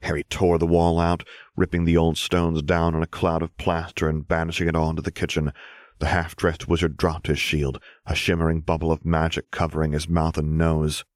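A man reading story narration in a steady, measured voice. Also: extremely low pitch, dry recording, studio quality. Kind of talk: scripted narration of fan fiction.

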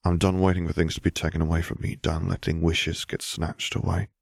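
A man reading the part of a determined young wizard in a quiet, low voice. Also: little pitch movement, fairly quick, gravelly, no echo, studio quality.

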